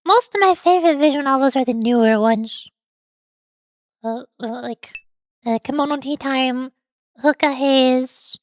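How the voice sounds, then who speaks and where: High-voiced giggly young woman streamer. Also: a little slow, pauses often, no room sound. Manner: rambling, giggly, stammers on words. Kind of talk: casual stream chat.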